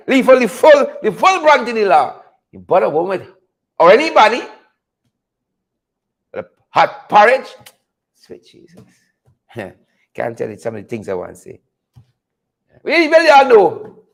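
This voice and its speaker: A man's voice: very high voice, gravelly. A Guyanese man hosting a commentary show, preaching and exclaiming with heavy repetition for emphasis. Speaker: show host. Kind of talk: impassioned commentary.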